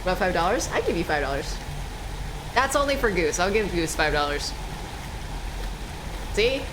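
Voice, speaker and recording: A woman's voice: lowish voice, sing-song, normal speed, noisy background. A woman streamer giving casual gameplay commentary, playful and teasing, swearing freely and talking back to the game's characters. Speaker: game streamer.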